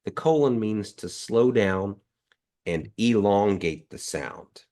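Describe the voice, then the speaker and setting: Deep-voiced man teaching on a video call. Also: dark tone. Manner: patient, models sounds slowly and repeats them. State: nasal from allergies. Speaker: language teacher. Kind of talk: online language class.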